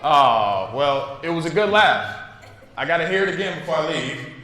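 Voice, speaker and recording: A man's voice: on the high side, very animated, moderate pace, bright, forceful tone. A man reading a storybook aloud to children in a school classroom, playful and chatty, asking the kids questions. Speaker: news presenter reading to children. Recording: echoey room with long reverb.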